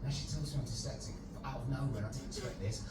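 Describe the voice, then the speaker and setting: A man's voice: mid-range voice, fast talker, loud music behind the voice. A man doing a stand-up comedy routine, telling a story full of swearing and acted-out voices. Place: live comedy venue with audience. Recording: roomy live venue, distant mic, loud crowd noise. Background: loud audience laughter.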